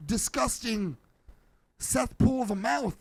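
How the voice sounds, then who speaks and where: An American man co-hosting a podcast, mocking and animated in casual comedic banter. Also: very high voice, slow, no room sound. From United States. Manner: animated, mocking, loud bursts. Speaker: podcast co-host.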